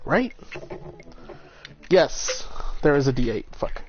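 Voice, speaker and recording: A man's voice: on the high side, sing-song, slow, slight background noise. Brief: male streamer, self-mocking casual commentary, muffled home mic. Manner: rambling, swearing, self-mocking. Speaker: game streamer. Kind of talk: casual let's-play commentary. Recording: dull lo-fi mic.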